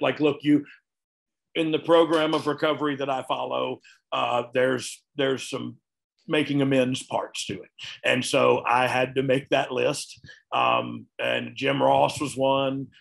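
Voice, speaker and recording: A man's voice: mid-range voice, creaky, a bit bright. A man, talking candidly and earnestly as an interview guest. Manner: earnest, folksy, frequent "you know what I mean". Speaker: guest, retired wrestler.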